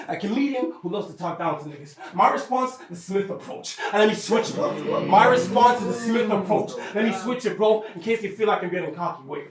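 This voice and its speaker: A man's voice: sits high, slight background noise. A young man from Ireland with an American-sounding accent, delivering a taunting, boastful live rap battle verse in front of a crowd. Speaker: battle rapper. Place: live venue hall with audience. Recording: echoey hall, distant mic, loud crowd.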